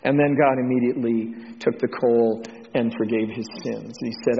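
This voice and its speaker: A man with a Texan drawl preaching an informal sermon on missions, rambling with ums and restarts, getting animated. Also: mid-range voice, moderate pace, creaky, a little hiss or hum. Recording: dull lo-fi sound with long hall reverb.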